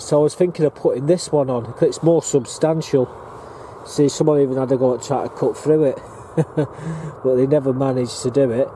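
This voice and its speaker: A man's voice: medium pitch, dark tone. Chatty northern English man outdoors. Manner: chatty, rambling, plain-spoken. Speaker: allotment gardener and vlogger. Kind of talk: casual walking tour. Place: outdoor allotment plot. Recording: faint outdoor background noise.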